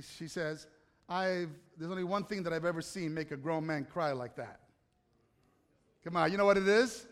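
A man preaching to an audience, telling a self-mocking personal story in an animated way with asides to the crowd. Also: high voice. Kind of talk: storytelling sermon. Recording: hall reverb.

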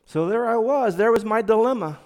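Man sharing a testimony, high voice, long hall reverb, slow earnest delivery that swings between hushed and loud. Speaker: speaker giving a testimony. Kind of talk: personal testimony talk.

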